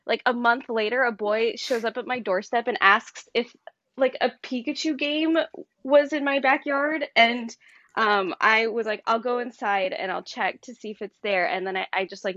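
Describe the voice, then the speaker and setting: A woman in her thirties chatting casually as a guest, her voice a little higher than most. She rambles with lots of "like" and "um" and giggles between thoughts, on dry, slightly dull lo-fi audio. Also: fairly bright tone, no echo. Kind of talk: casual chat. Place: on her bed.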